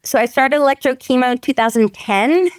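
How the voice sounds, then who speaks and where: Middle-aged woman, smooth clear voice, dry sound, chatty and laughing a lot. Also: high voice, fairly quick, dry recording. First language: French. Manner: animated storytelling, laughs often, acts out quoted dialogue. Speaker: veterinary oncologist guest. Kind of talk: casual podcast interview.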